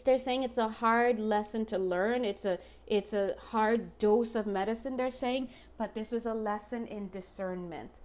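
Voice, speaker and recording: Chatty woman giving a tarot reading. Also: medium pitch. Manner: chatty, emotional, talks to viewers as guys. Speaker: tarot reader. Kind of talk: casual tarot reading to viewers.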